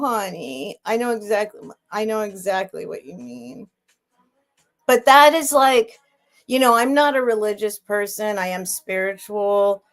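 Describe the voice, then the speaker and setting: A middle-aged woman hosting a live sale stream, chatting casually, rambling with restarts and answering viewers' comments. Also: mid-range voice. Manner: rambling, restarts and trails off, reads and answers chat. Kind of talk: casual chat on a livestream.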